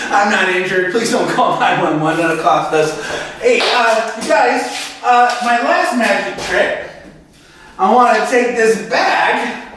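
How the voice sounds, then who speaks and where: A man's voice: high voice, a bit bright, slight background noise. A man doing a homemade comedy sketch, giggling and rambling, calling out to the audience. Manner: giggly, rambling, keeps saying "you guys". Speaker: amateur comedian. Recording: echoey room from far off.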